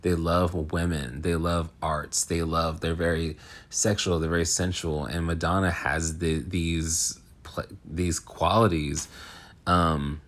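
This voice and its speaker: A man with a very low voice talks through an astrology reading in a casual monologue. He rambles, restarts his sentences and fills the gaps with ums, and he speaks frankly. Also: flat delivery, slow pace, fairly bright tone. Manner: rambling, filler-heavy, frank. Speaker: astrologer, channel host.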